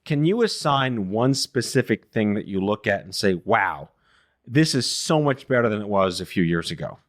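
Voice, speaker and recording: A man's voice: lowish voice, expressive, moderate pace. A man hosting an interview podcast, chatty and self-deprecating. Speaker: podcast host. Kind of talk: casual interview intro.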